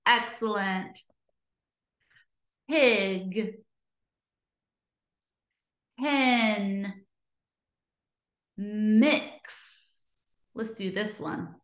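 A woman teaching phonics to young children, sounding out words slowly and drawn out and praising their answers. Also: fairly high pitch, very animated, sharp tone, roomy sound.

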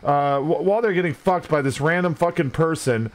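A man's voice: a little high, a little fast. A young man live streaming, casually telling a story to his chat with plenty of swearing. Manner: animated, heavy swearing.

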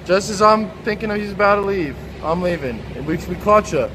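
A man's voice: high voice, lively intonation, moderate pace, hardly any pauses, poor audio. Brash young man streaming from the street. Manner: brash, profane, yelling at passersby. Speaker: livestreamer. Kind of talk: outdoor IRL livestream. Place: city street outdoors, moving in a chair. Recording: loud traffic noise outdoors.

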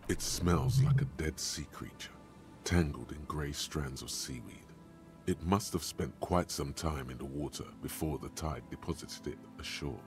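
A brooding, mocking narrator of a detective video game. His voice sits extremely low and he delivers every line with dark, sardonic menace. Game music plays clearly behind him. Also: a little slow. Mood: ominous.

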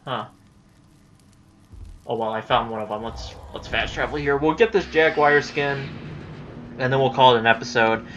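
A young man giving casual let's-play commentary, chatty and easily frustrated, breaking into excited yelling during chases. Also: mid-range voice, normal speed, pauses often, dull audio, a little hiss or hum. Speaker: gameplay commentator.

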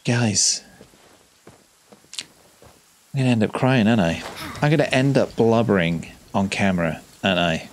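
A man hosting a relaxed let's-play, chatty, chuckling and self-deprecating. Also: on the low side, brisk, a little hiss or hum. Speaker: gaming video host.

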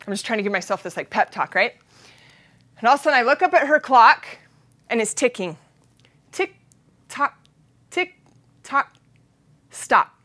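A woman in her thirties from Utah giving an animated storytelling keynote, acting out voices and sound effects. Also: on the high side, quick pace, pauses often. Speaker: keynote speaker.

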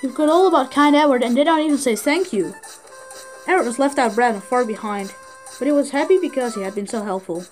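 A woman's voice: high voice, fast, soft background music. A woman narrating a train story for a fan redub, reading plainly with small slips.

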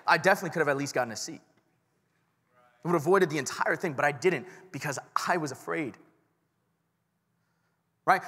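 A young man preaching in a casual, self-deprecating way, talking straight to his congregation. His voice is bright and a little husky, sitting slightly high for a man. The sound rings with the long reverb of a large church hall. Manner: casual and self-deprecating, addresses the crowd directly. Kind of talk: sermon with personal story.

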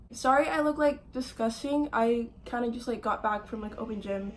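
A woman's voice: fairly high pitch, moderate pace. A woman vlogging in a casual way, nervous and giggly, with lots of filler words. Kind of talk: casual vlog talk.

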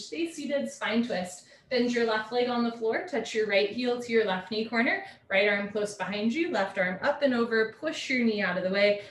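A woman leading a live yoga class from home, calling out poses briskly and dropping in chatty asides. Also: mid-range voice, roomy sound, a little hiss or hum. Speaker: yoga teacher.

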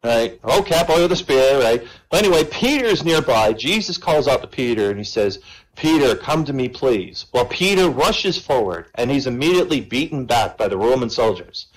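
A man's voice: medium pitch, moderate pace, low-quality recording. Man telling jokes to a crowd. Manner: relaxed storytelling with asides. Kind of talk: stand-up joke telling.

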